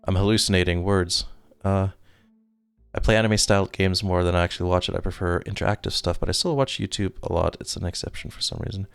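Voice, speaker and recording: A native German speaker from Germany hosts a casual live stream, reading viewer comments and wandering off on tangents with easy chuckles. His low voice sounds smooth and clear on a dry desk mic. Faint music plays underneath. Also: steady tone, fast talker, dry recording. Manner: rambling and self-deprecating, with frequent chuckles. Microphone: desk microphone.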